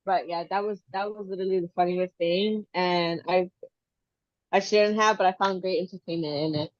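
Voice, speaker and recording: A woman chatting casually as a podcast co-host, telling a story with lively, dramatic retellings. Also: fairly low pitch, moderate pace, no echo, muffled recording. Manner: animated, acts out her daughter's whiny voice.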